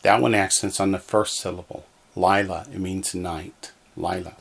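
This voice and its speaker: This male Hebrew teacher's voice sits low, with fairly even intonation and a moderate pace. Giving a slow, deliberate lesson, he repeats every word twice so learners can echo it back.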